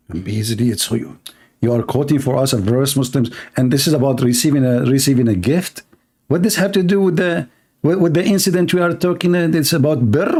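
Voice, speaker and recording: A man hosting, giving heated commentary on a clip, blunt and scornful and quick to insult. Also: medium pitch, a little mellow, husky. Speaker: host commenting on a video clip.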